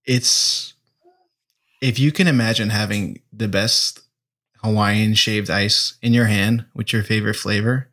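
A man's voice: fairly low pitch, fairly even intonation, a little slow, a bit bright. A man co-hosting a podcast in casual chat, putting on a mock-mournful, overdramatic tone. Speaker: podcast co-host.

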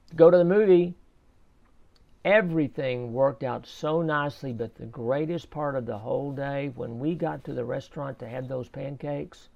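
A man slowly telling a personal faith story in a casual, halting way, often repeating his words. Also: medium pitch, creaky, darkish tone, highs cut off. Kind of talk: casual spoken testimony.

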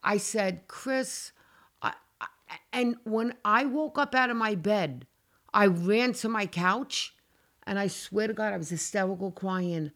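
Her voice mid-range and slow, a woman relates a frightening personal experience on a casual talk show. She tells it animatedly and dramatically, performing her cries and swearing throughout.

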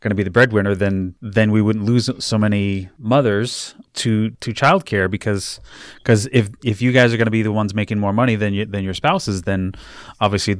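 Halting, easygoing male podcast host. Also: fairly low pitch, steady tone, no echo, clean studio sound. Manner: halting, repeats words, easygoing. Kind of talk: casual podcast conversation.

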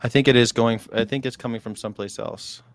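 A man's voice: medium pitch, steady tone, fast. A man co-hosting a podcast in casual chat, joking and swearing while he troubleshoots his earphone mic. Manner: profane, joking banter. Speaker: podcast co-host.

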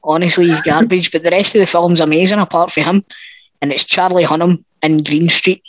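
Male podcast co-host, high register, blunt and sweary, dry close sound. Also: fairly even intonation, fairly quick, dry recording, poor audio. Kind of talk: casual chat.

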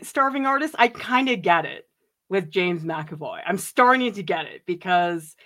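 A woman hosting a casual livestream, reading out viewer comments and chatting about them, gushing and giggling with big swings in pitch. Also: a bit bright. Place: home.

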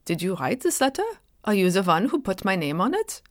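A man's voice: high-pitched, sing-song, brisk, no room sound, studio quality. A woman voicing a dignified colonial pastor, bewildered at an accusation, speaking formally and with measure.

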